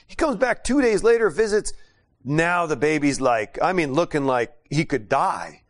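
A man preaching a sermon and telling a mission story, animated and prone to restarts. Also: a little high, normal speed. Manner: animated, acts out quotes, many restarts and fillers.

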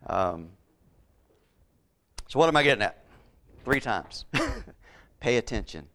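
A man's voice: fairly low pitch, lively intonation, slow pace, fairly bright tone. A man preaching a Bible-teaching sermon, repeating key words for emphasis and putting questions to his listeners.

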